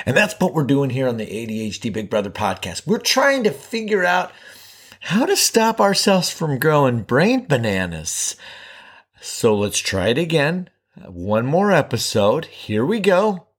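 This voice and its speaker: A man's voice: mid-range voice, big pitch swings, a little slow, slightly rough. A man hosting his own podcast, talking casually in a playful, jokey and emphatic way. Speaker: podcast host. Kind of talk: casual solo podcast talk.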